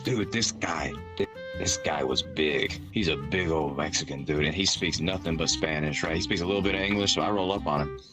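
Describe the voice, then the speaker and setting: A man's voice: rumbling low, brisk. A young man casually telling a rambling, slangy story in a voice chat, laughing at his own jokes. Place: online voice chat at home. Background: music playing.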